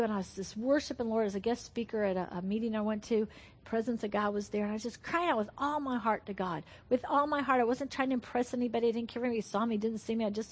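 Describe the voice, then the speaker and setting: A woman's voice: a little high, breathy edge. A woman preaching a sermon in a fervent, earnest way, repeating her points for emphasis.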